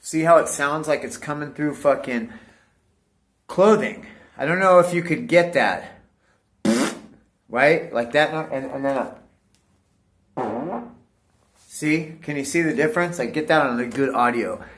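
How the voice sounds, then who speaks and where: A man's voice: fairly high pitch, a little slow, fairly bright tone. A man talking casually to his viewers in a rambling monologue, swearing often and calling everyone "dude". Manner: rambling, profane, keeps saying "dude". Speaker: vlogger.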